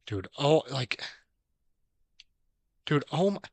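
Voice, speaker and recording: A young man hosting a gaming channel, calmly recapping his trophy hunt, then ranting and swearing angrily at the game's controls. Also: fairly high pitch, takes it slowly, gravelly, no room sound, rough recording. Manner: swears heavily and rants when frustrated; calm, dry recap narration. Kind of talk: recapping gameplay with a raging clip.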